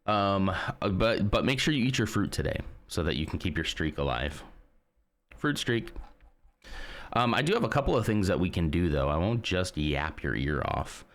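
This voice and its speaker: A man's voice: low voice, sing-song, moderate pace. A man streaming live, chatting casually and rambling as he reads and answers his chat.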